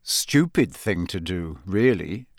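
A man voicing a teenage schoolboy wizard in a quiet, matter-of-fact way. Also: low voice, animated, slow pace, no echo, studio quality, voice pushed down, exaggerated voice. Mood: stubborn.

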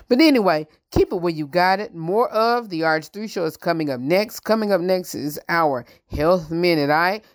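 A man hosting his own show, chatting through celebrity news slowly and haltingly, with frequent ums and uhs. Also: on the high side, clean tone, no echo, studio quality. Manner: halting, many ums, slow and careful. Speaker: show host. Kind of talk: casual celebrity news chat.

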